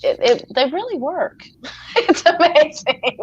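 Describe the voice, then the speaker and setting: A woman's voice: sits high, big pitch swings, slow pace, dull audio. A woman co-host talking casually, enthusiastic and agreeing readily. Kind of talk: casual chat.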